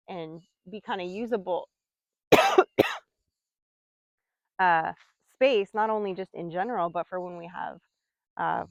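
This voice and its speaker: A woman's voice: mid-range voice, vocal fry, dry recording, muffled recording. Chatty woman rambling through farm chores. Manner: rambling, chatty, coos softly to her animals. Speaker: vlogger. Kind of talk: casual chat. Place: farm, outdoors.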